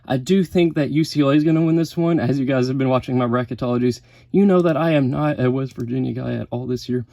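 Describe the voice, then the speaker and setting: With a warm, vocal-fried mid-range voice and a quick pace, a sports YouTuber walks through a bracket in a laid-back vlog. Slightly breathless, he fires off lists and keeps fixing what he says partway through. The recording is dry.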